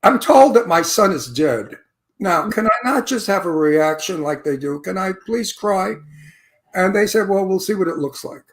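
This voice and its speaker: A man with a Brooklyn accent, co-hosting an interview show and telling animated, profane stories. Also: high voice, moderate pace. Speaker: co-host. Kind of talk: casual chat.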